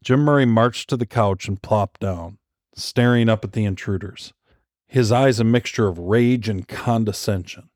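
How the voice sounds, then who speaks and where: Guy reading a thriller audiobook, even and measured, lowish, super dry. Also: no room sound. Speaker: audiobook narrator. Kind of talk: scripted thriller narration.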